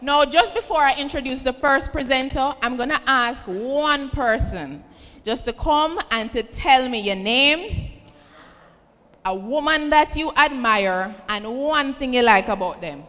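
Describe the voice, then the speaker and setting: Energetic Jamaican woman rallying a hall. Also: high-pitched, unhurried. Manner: energetic, calls for crowd response, teasing. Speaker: event host. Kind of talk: motivational address to students. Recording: reverberant hall, faint ambient noise.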